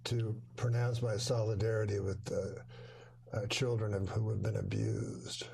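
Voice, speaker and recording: A Canadian man hosting a casual chat, telling rambling stories with a dry, deadpan delivery. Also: fairly low pitch, measured pace, creaky, breathy edge. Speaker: host.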